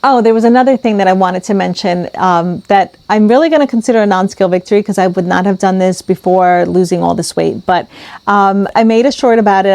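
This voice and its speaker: A woman's voice: medium pitch, darkish tone, no echo. A woman vlogging casually to camera about her weight loss as a mother, candid and full of ums and restarts.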